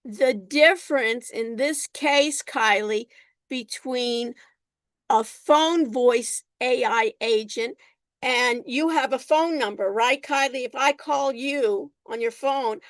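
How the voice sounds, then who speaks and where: A woman instructor lecturing her class over a video call, unhurried, often repeating herself and calling on students by name. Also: sits high, dry recording. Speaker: college instructor.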